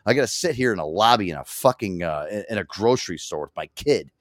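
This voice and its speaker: A man hosting a talk show, telling a story in a loose, profane, animated way. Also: lowish voice, fast, dry recording, studio quality. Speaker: radio show host. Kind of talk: casual chat.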